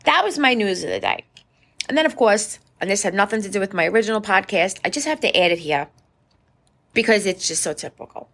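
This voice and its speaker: A woman's voice: medium pitch, lively intonation, brisk, vocal fry, fairly bright tone. A middle-aged woman hosting her podcast, ranting casually with profanity and sarcasm. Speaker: podcast host.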